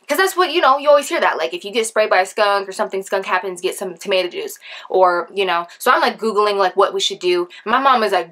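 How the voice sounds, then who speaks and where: Young woman, bright voice, chatty storytime, animated, lots of filler words. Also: mid-range voice, fast. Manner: heavy use of filler like. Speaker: vlogger. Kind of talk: casual storytime.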